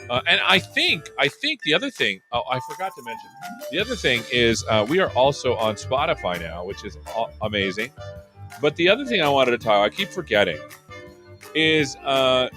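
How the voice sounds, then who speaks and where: A man's voice: medium pitch, big pitch swings, normal speed, over music. A man hosting a tech show, chatting loosely and joking with many fillers. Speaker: show host. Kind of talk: casual live-stream chat.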